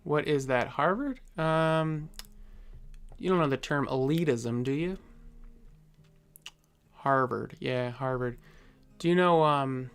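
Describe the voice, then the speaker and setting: A man of middle pitch hosts a casual live stream, talking to his viewers as he answers their comments. He rambles and jokes, with plenty of fillers and little chuckles, while faint music and keyboard typing sit quietly behind him. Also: measured pace, pauses often, clear, resonant tone.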